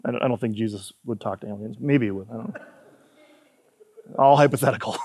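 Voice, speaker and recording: A man who is a pastor, preaching a casual, conversational sermon with laughing asides and frequent tag questions, slowing down to read scripture. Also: medium pitch, a little mellow. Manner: slows down and lifts his voice for scripture readings. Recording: long hall reverb.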